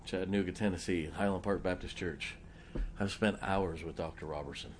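A man's voice: sits low, fairly even intonation, moderate pace, slight background noise. Folksy man preaching a sermon. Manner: folksy storytelling, rhetorical questions to the congregation. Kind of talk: sermon with personal stories.

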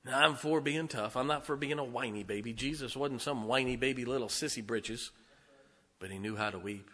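A middle-aged man preaching a sermon as pastor, swinging between loud, emphatic lines and quiet, hushed ones. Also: medium pitch, fairly quick.

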